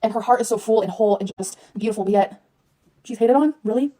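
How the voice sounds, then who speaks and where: A woman's voice: a little high, fast, mellow, low-quality recording. A woman in her thirties, a vlogger delivering an angry, exasperated rant into her phone, swearing often. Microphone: phone held close.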